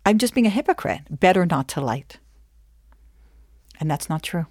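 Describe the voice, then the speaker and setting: A woman Jewish educator giving a lively lesson, acting out scenes as she tells stories. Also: fairly low pitch, normal speed, no room sound, clean studio sound. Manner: animated storyteller acting out scenes. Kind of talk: lively teaching talk.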